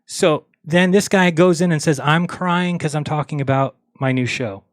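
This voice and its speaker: A man's voice: on the high side, moderate pace, no echo. A man hosting a livestream, ranting bluntly and mockingly, acting out the lines of people he quotes. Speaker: livestream host. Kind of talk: casual livestream rant.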